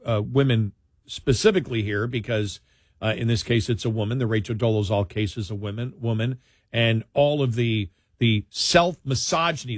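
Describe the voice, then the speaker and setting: Older talk-radio host from New York, close dry studio mic, incredulous and animated. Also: male voice, mid-range voice, no room sound. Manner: incredulous, animated, puts on mocking voices when quoting. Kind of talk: casual talk radio chat. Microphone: studio microphone.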